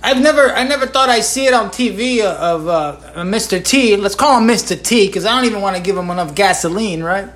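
A woman's voice: mid-range voice, a little fast, few pauses, a bit bright. A woman hosting a solo podcast, ranting with heavy swearing, sarcasm and constant rhetorical asides. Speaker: podcast host.

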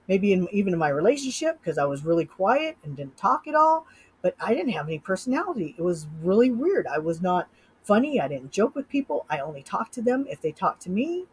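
A woman's voice: on the low side, darkish tone, slightly rough, low-quality recording. A middle-aged woman from Utah, a hypnotist guest in an interview, telling a personal story with animation and acting out her own thoughts. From Utah, USA.

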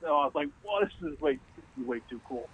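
A man telling an excited story as a podcast guest over a muffled remote call. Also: quick pace, slightly rough. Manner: excited storytelling, swooping pitch. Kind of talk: casual interview chat.

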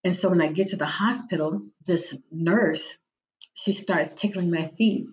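A woman's voice: lowish voice, measured pace, slight background noise. A woman guest on a podcast, telling personal faith stories and acting out the voices of the people in them. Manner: vivid storyteller who acts out quoted voices. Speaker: guest, executive director of a nonprofit.

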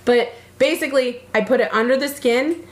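A woman's voice: sits high, normal speed, roomy sound. A woman co-hosting a casual chat among friends, rambling, laughing often and swearing freely.

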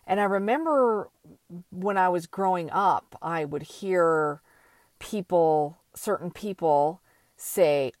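An older woman talking slowly and thoughtfully in a reflective personal monologue, with many pauses and fillers. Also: on the low side, a little mellow, no room sound.

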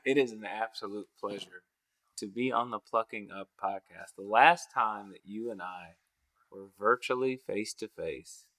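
A man on a podcast as a guest, chatting casually and telling stories in a playful, animated way. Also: fairly low pitch, normal speed. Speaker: podcast guest, speaker and coach.

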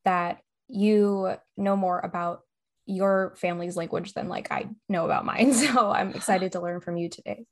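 A woman's voice: medium pitch, steady tone, normal speed. A young woman co-hosting a podcast, chatting casually with enthusiasm and frequent laughter. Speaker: podcast co-host. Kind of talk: casual chat.

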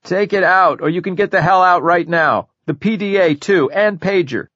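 A paranoid, jittery middle-aged man, put on by a male narrator, whose voice jumps higher and louder as he snaps at his visitor. He sounds suspicious and exasperated, as in a storybook reading. The recording is dry and a little muffled. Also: moderate pace, creaky, no echo, lightly acted. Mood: agitated. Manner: shouting, exasperated outbursts.

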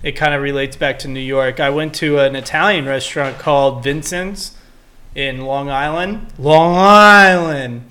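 A man's voice: mid-range voice, fairly even intonation, moderate pace, fairly bright tone. A young man from Texas with a Texan accent, co-hosting a podcast and telling rambling stories with laughs. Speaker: podcast co-host. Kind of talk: casual chat.

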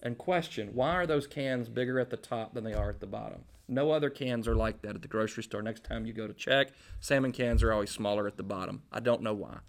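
A man preaching a casual, jokey storytelling sermon in a conversational, animated way. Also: medium pitch, fast, creaky, hardly any pauses. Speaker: pastor.

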